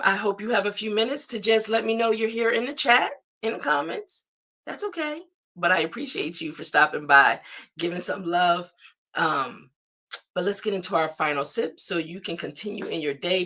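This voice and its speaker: A middle-aged woman with a fairly low, slightly bright voice wraps up her live morning show with an upbeat stream sign-off. She's chatty and encouraging, referring to her viewers as "guys."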